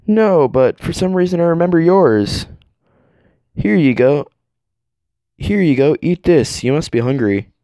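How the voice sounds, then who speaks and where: Calm young male spirit, man's own voice, matter-of-fact and reassuring, lively intonation. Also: a little high, unhurried, long pauses, no room sound, pitched above the performer's own voice. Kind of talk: comedic fan dub.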